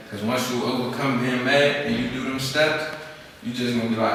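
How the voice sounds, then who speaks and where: A man's voice: mid-range voice, fairly even intonation, brisk, fairly bright tone. A young man giving a casual talk to an audience, telling stories and acting out quoted voices. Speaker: speaker at a skills program. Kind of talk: informal presentation to an audience. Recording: echoey hall from far off, faint noise.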